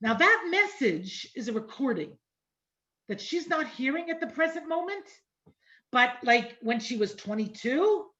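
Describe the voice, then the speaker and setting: This is an informal online Torah lesson led by a middle-aged woman whose voice is fairly high-pitched and a bit bright. Her manner is chatty: she repeats herself and keeps checking in with a frequent "right?" Sound quality is dull and lo-fi, typical of an online class.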